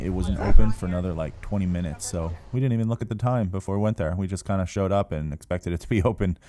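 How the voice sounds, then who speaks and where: A man recording a relaxed voice-over for his travel vlog, giving candid asides about the trip. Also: low voice, dry recording, clean studio sound. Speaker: travel vlogger. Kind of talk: voice-over commentary.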